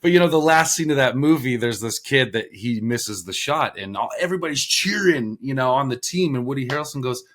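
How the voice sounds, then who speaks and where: Reflective podcast dad, mid-pitched. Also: male voice, expressive, a little fast, few pauses, fairly bright tone. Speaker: podcast co-host. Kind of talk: casual chat.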